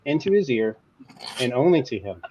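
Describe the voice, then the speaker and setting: A man's voice: medium pitch, sing-song, normal speed, mellow, a little hiss or hum. A man playing guitar in a band, telling studio stories in a joking, boastful way during a casual chat.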